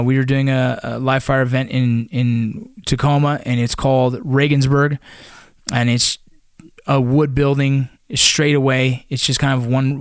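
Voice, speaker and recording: A man's voice: medium pitch, clean tone, dry recording, studio quality. Blunt, profane ex-Ranger man. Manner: blunt and profane, with many fillers. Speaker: former Army Ranger. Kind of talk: casual storytelling.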